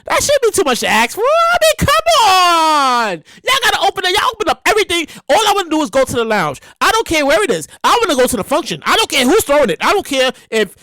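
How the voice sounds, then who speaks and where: Loud, hyper male podcast host. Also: very high voice, quick pace, hardly any pauses, dry recording, clean studio sound. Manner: loud, hyper and animated, with profanity; acts out quoted people in shouts. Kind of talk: solo podcast rant.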